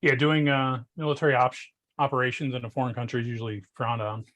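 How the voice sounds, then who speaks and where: A man guesting on a casual comic book review, dropping deadpan, sarcastic quips. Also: medium pitch, fast talker.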